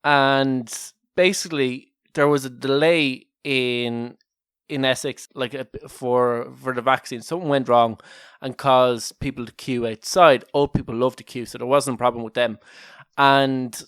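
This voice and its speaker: A man's voice: medium pitch, fairly even intonation, unhurried, fairly bright tone, clean tone, dry recording, clean studio sound. An Irish man co-hosting a casual comedy podcast, telling a story in a jokey way and laughing often at his own lines. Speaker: podcast co-host.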